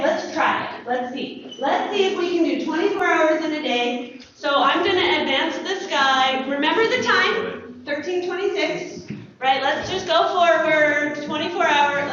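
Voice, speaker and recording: High-voiced woman teaching in an echoey dome. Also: a little slow, recorded from a distance, highs cut off, slight background noise. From United States. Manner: lively, chatty, asks questions. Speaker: astronomy teacher. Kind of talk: planetarium class for students. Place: planetarium dome.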